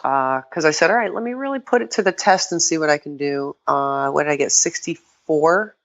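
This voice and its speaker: An older woman, a podcast guest, chatting casually and telling lively stories, often quoting herself and laughing. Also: low voice, fairly quick, muffled recording. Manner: animated storytelling, quotes herself, laughs often. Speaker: podcast guest, kettlebell sport athlete. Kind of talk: casual interview chat.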